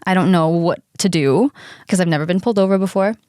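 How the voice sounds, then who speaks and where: Young woman host, casual storytelling, frank and profane, quick laughs, dry close mic. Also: lowish voice, darkish tone, dry recording. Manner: candid, swears casually, laughs often. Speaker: podcast host.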